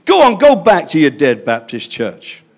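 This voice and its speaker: Older man, preacher, fervent sermon, high voice, very animated pitch. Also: moderate pace. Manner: fervent, swings between hushed asides and loud declarations.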